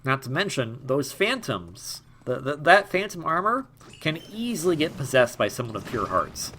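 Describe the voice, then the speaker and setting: A man's voice: on the high side, very animated, normal speed, sharp tone, a little hiss or hum. A young man giving casual, jokey let's-play commentary, rambling and stammering over repeated words. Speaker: gaming YouTuber.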